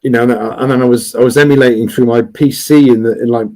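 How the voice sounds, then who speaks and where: A man chatting casually as a guest on a livestream, rambling with many restarts and fillers, talking loudly. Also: medium pitch, fairly even intonation, quick pace, low-quality recording. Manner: says he is always loud.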